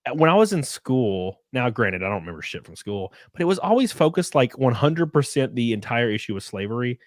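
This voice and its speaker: A man's voice: medium pitch, very animated, fairly quick, no echo, studio quality. A young man hosting a casual livestream, rambling with lots of fillers and restarts, swearing freely as he reads chat. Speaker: streamer host reading chat.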